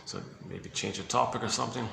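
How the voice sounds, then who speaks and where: A man giving a casual, halting explanation on psychology, often searching for words and repeating himself. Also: mid-range voice, fairly even intonation, creaky, background noise. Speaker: speaker on psychology. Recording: echoey room with faint ambience.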